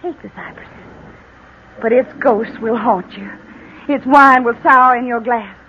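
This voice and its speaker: An actress playing a cold, vengeful young wife who taunts her husband slowly and deliberately, in 1940s radio acting style. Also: fairly high pitch. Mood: menacing. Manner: calm, taunting, slow and deliberate. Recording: tinny old radio broadcast, faint hiss.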